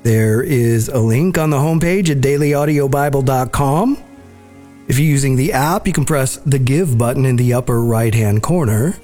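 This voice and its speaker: A man's voice: mid-range voice, moderate pace, a little mellow, faint music behind. A man hosting a daily podcast, reading out closing announcements in an easygoing way. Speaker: podcast host.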